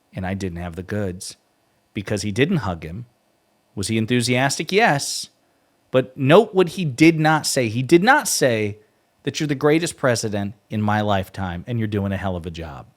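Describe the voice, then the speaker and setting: Mocking, animated male political commentator. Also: medium pitch. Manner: mocking, animated, mimics others.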